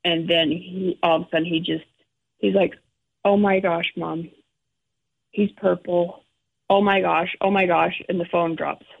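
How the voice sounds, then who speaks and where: A middle-aged woman, a guest, telling an emotional personal story in halting, restarting speech. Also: on the low side, flat delivery, gravelly. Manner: halting, restarts often, acts out quoted relatives. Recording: phone-like narrow sound.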